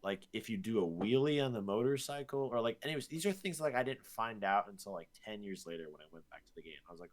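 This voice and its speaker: Laid-back young man with a low voice. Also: quick pace. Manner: animated storyteller, frequent restarts. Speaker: podcast co-host. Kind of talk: casual chat.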